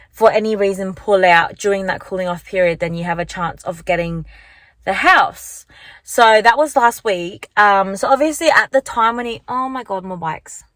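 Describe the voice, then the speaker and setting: A woman's voice: mid-range voice, fairly bright tone, dry recording. A young woman vlogging casually into her phone from her car, chatty and rambling, full of likes and restarts. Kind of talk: casual chat to camera. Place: parked car. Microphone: handheld phone.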